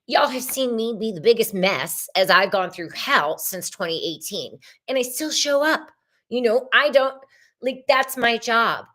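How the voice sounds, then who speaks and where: A woman's voice: mid-range voice, measured pace, a bit bright. A middle-aged woman, hosting a live tarot reading, effusive and chatty, swearing casually and calling viewers y'all and sister.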